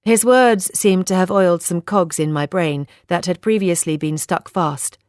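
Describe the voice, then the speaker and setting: A low-voiced woman narrates a novel in the first person as an audiobook reader. Her slightly mellow voice moves at normal speed, with studio-quality sound and no echo.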